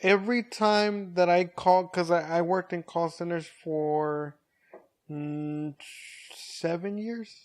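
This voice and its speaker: A man's voice: high-pitched, steady tone, takes it slowly. A man co-hosting a podcast who talks bluntly and crudely, stumbling and repeating himself. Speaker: podcast co-host. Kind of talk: casual chat.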